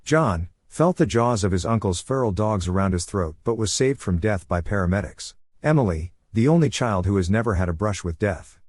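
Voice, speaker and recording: Deep, dry-sounding male announcer. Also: lively intonation, moderate pace, hardly any pauses, a little mellow, no echo. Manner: ominous. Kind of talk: dramatic trailer-style intro.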